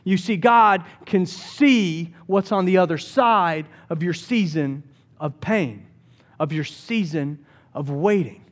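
A man's voice: high voice, slow pace. A man preaching a sermon as pastor, telling stories with playful jokes. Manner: animated storytelling with jokes.

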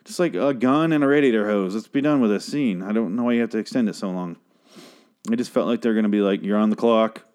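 A man's voice: on the low side, quick pace, a little mellow, clear, resonant tone. Rambling, foul-mouthed young man recapping a show. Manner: rambling, crude, exasperated rants. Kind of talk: casual profane episode recap.

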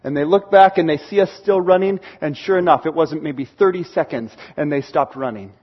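Male preacher, high husky voice, earnest sermon that sinks to a hush at points. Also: a little fast, dull audio. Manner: earnest, encouraging, drops to a hush for emphasis. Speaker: pastor.

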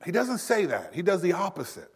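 A man in his thirties preaching a sermon in a conversational style, acting out quick quotes. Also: sits high, huge pitch swings, husky. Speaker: pastor.

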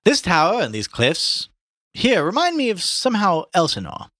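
A man reading aloud voices a polite, curious young gentleman in a prim, raised voice. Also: high voice, huge pitch swings, normal speed, no echo, studio quality, voice pushed up, full character voice.

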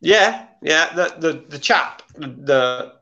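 A man's voice: on the high side, expressive, slow, sharp tone, highs cut off. A man chatting casually as a guest, dry and understated. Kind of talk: casual chat.

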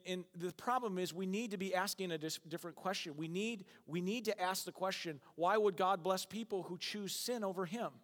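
A man preaching a sermon as pastor, joking and acting out quick voices for the people in his story. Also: on the high side. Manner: animated, jokey, acts out voices. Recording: long hall reverb.

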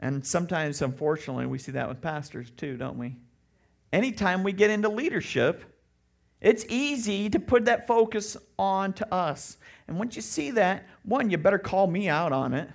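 Animated gravelly-voiced male pastor preaching. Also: high-pitched, moderate pace. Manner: animated, jumps into loud mocking voices. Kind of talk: sermon.

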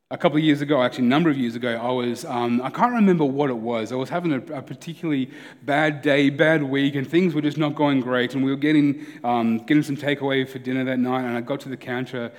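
Pastor preaching in a reverberant hall. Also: male voice, on the high side. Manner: conversational, earnest, with repetitions and restarts. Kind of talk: sermon.

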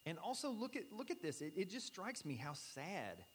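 A man's voice: high voice, very animated, normal speed, slight background noise, rough recording. Conversational preacher man with coughs. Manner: conversational preaching, reads scripture aloud, repeated coughs. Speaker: pastor. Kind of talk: sermon.

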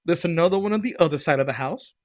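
A man casually telling a vacation story on a podcast, animated, often laughing and acting out what people said. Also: fairly high pitch, rapid-fire, highs cut off.

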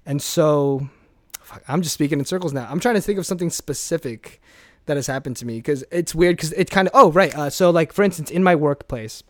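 A young man with a fairly high voice talks through his answers in a casual, rambling way. He restarts his sentences, swears freely and gets animated. The sound is close and dry. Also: fairly quick, dry recording. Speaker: guest, former speech competitor. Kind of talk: casual interview chat.

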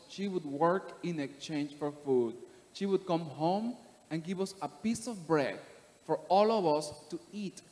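A man from Panama, giving a steady, earnest personal testimony to a church congregation. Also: on the high side. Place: church sanctuary. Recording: long reverb of a church hall.

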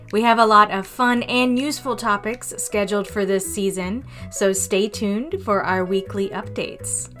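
A woman teaches a scripted podcast lesson in a clear, measured voice. She reads each example phrase slowly, as if for learners. Soft music plays faintly behind her. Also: medium pitch. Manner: clear, slow demonstrative reading of example phrases. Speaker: English teacher and podcast host.

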